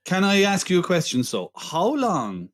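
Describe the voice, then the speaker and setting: A man co-hosts a casual film podcast, chiming in and teasing his partner. His voice sits a little higher than most men's. He keeps a loose, conversational tone. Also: wildly swooping pitch, normal speed. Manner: laughs along, interjects, teasing. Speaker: podcast co-host. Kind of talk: casual film review chat.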